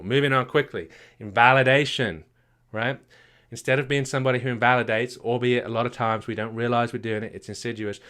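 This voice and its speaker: A man's voice: medium pitch, pushed and bright. A man from the UK, a marriage coach teaching a live session with emphatic rhetorical questions and frequent repetitions. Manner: emphatic, rhetorical questions, many repeated words.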